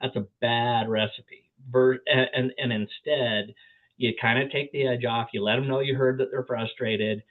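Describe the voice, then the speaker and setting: Guy running a training class, lively, repeats himself, sounds like it's over a phone line. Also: medium pitch, moderate pace. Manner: animated, repeats words, asks rhetorical questions. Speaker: real estate trainer. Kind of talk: teaching a negotiation class. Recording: tinny phone-like audio.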